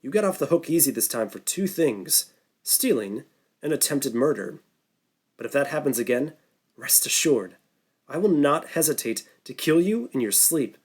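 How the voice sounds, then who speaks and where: A man's voice: medium pitch, animated, normal speed, a little mellow, husky. A man voicing a stern middle-aged doctor who takes charge of a group of survivors in a storybook. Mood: threatening. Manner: commanding, stern.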